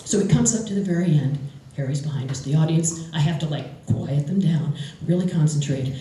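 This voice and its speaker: A woman telling a story live at a storytelling event, animated and often laughing as she talks. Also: sits low, fairly quick. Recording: very echoey room.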